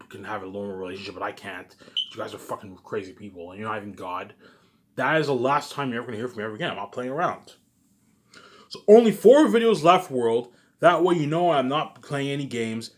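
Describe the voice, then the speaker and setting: A man delivering an agitated, profane monologue to his viewers, repeating himself and restarting sentences, swinging between loud outbursts and low muttering. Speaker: YouTube vlogger. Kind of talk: ranting monologue to camera.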